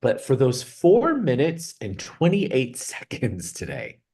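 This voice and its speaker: A man leading a group meditation on a video call, speaking earnestly and reflectively, slowing down on words he wants to stress. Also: mid-range voice, wildly swooping pitch, darkish tone, slightly rough. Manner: earnest, reflective, slows down for emphasis. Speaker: meditation guide. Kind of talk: spiritual talk opening a group meditation.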